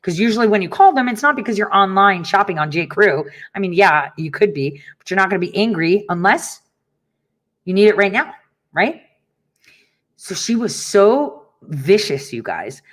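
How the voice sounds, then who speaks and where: In a casual talk-show monologue, a middle-aged woman tells stories and rants bluntly to listeners, cursing often and laughing along. She has a mid-range, sing-song voice with a fairly bright tone, speaking at normal speed.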